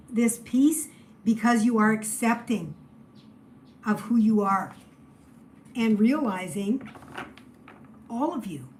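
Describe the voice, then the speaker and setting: A woman giving a spiritual tarot reading, emotional and shifting between loud exclamations and hushed near-whispers. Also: on the high side, a little hiss or hum, poor audio. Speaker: tarot reader.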